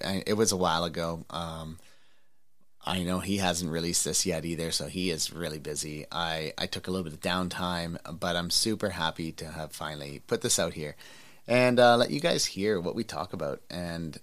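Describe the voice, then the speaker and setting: A man's voice: low-pitched, a bit bright. A man hosting a podcast, chatting casually with a guest and rambling a little, with many fillers and restarts. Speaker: podcast host. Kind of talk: casual interview chat.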